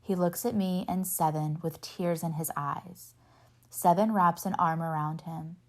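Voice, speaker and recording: A woman reading a novel aloud in steady first-person narration, lightly voicing the dialogue. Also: lowish voice, a little slow. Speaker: reader.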